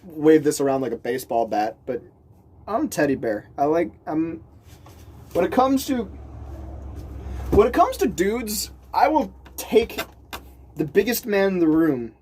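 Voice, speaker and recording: A man's voice: on the high side, a little slow, pauses often, a little hiss or hum. A man telling a story casually, rambling and restarting sentences, laughing often and acting out the people he quotes. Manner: animated, voices the people he quotes.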